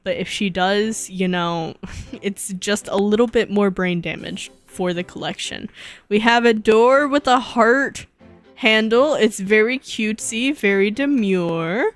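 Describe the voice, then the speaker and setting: Sleepy, slow-talking playful woman streamer. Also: mid-range voice, soft background music. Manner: playful, rambling, self-joking. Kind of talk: casual live-stream chat while 3D modeling.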